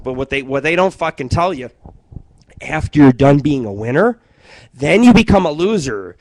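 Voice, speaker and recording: A man hosting an internet radio show, telling stories in a profane, rambling way and jumping between loud outbursts and muttering. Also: medium pitch. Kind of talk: rambling live-stream monologue.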